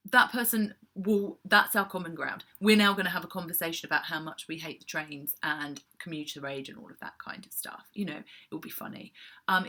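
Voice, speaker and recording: A woman's voice: fairly low pitch, pushed and bright. A woman from England giving casual advice to camera as a PR coach, chatty with self-deprecating asides. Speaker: PR coach vlogger.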